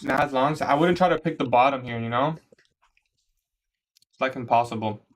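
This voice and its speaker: A young man from Canada casually chatting on a trading livestream, answering viewer questions in a relaxed, slangy way. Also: mid-range voice, brisk. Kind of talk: casual livestream chat reading comments.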